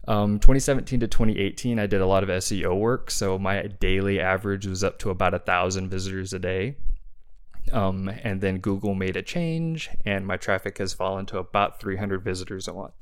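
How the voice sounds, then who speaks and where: Low steady-voiced guy on a podcast, clean sound, chatty and upbeat, lots of ums. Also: clean tone. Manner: relaxed, enthusiastic, chatty with fillers. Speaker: guest, webcomic creator and developer. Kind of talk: casual interview conversation.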